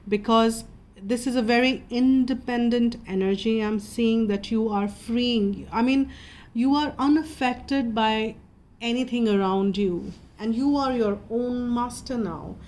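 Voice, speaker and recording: A woman giving a calm, meandering spiritual tarot reading in a gentle, reassuring way. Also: medium pitch, a little hiss or hum. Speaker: tarot reader.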